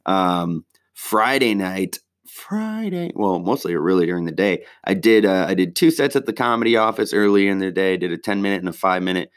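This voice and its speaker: Low-voiced, laid-back man, swearing freely. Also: brisk. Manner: rambling, heavy swearing, laid-back slang. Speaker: stand-up comedian. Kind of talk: casual spoken recap.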